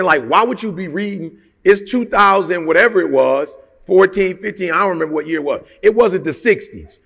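Man, motivational talk, high gravelly voice, slangy and emphatic, long reverb. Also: a bit bright. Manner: emphatic, fires rhetorical questions; slangy and conversational. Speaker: motivational speaker.

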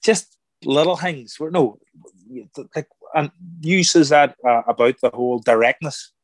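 A middle-aged man, a former boxer turned actor, telling stories in a casual interview, animated and acting out quoted voices. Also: fairly high pitch, a little slow, dry recording. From Ireland. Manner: animated, acts out quoted voices, repeats words. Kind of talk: casual conversational storytelling.

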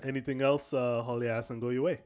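A man hosting a casual podcast, leading the chat with plenty of fillers and quick laughs. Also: medium pitch, little pitch movement, darkish tone, a little hiss or hum. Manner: laughs often, leads the talk with filler words. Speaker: podcast host. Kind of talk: casual banter.

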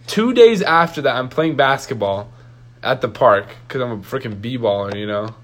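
A teenage boy in casual chat, telling an animated story and laughing through his words. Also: mid-range voice, moderate pace.

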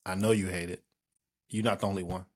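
Relaxed man telling a story. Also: sits low, quick pace. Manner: relaxed, slangy, sets up stories with asides. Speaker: podcast co-host. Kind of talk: casual chat.

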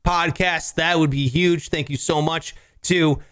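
A man's voice: a little high, fairly even intonation, measured pace, fairly bright tone. A man with a Southern accent co-hosting a podcast, joking around and slipping into silly character voices. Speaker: podcast co-host. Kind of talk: joking banter with put-on voices.

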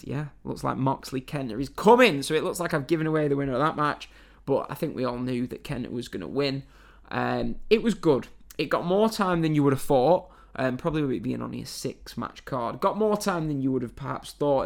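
Here a man from England gives his unfiltered take on wrestling bouts, speaking casually with lots of filler words and a bit of cursing. His voice is mid-range and carries vocal fry.

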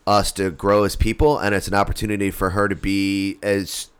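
A man's voice: low-pitched, flat delivery, normal speed, clean tone. A man co-hosting a podcast in casual, rambling, profane chat with many fillers. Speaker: podcast co-host.

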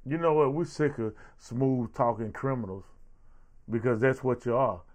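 A man's voice: medium pitch, normal speed, a little mellow. A man hosting a show, giving heated, sarcastic political commentary with a lot of repetition. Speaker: show host.

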